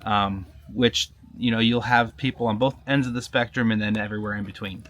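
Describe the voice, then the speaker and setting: Low-voiced man explaining, casual vlog. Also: steady tone, brisk, fairly bright tone. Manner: explanatory, many "right?" tags. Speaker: vlogger. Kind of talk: casual chat.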